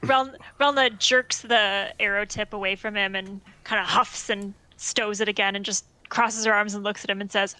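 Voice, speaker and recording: A woman's voice: mid-range voice, steady tone, normal speed, few pauses, sharp tone. A woman playing a tabletop game, describing her character's actions in third person. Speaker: player.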